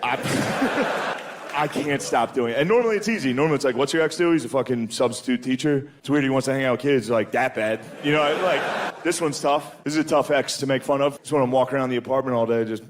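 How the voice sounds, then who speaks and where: A man's voice: medium pitch, fast, slight background noise. A man in his thirties doing stand-up comedy, laid-back and crude, mocking people and acting out characters.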